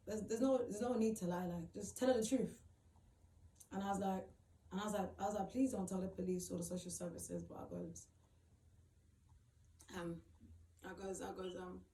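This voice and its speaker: A woman tells her own story in a halting, emotional way, often repeating herself and filling gaps with "like". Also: lowish voice, warm tone. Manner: halting, repeats phrases, many fillers. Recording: roomy, distant mic, faint background noise.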